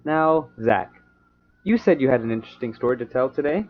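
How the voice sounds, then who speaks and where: A man's voice: medium pitch, lively intonation. Teasing young male podcast host. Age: young adult. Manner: teasing, quick to laugh. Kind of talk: casual chat. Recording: muffled lo-fi sound.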